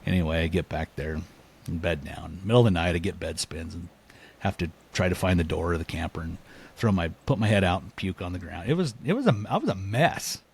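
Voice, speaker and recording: A man, a podcast guest, telling a story in a casual, animated way, laughing often and acting out what people said. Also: sits low, brisk, vocal fry, husky. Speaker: podcast guest, elk hunter.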